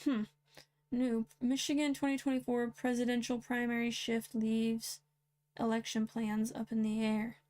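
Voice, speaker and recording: Blunt woman with a fairly high voice. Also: little pitch movement, unhurried, a little mellow. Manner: blunt, sarcastic asides. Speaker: host. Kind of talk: reading and commenting on news headlines.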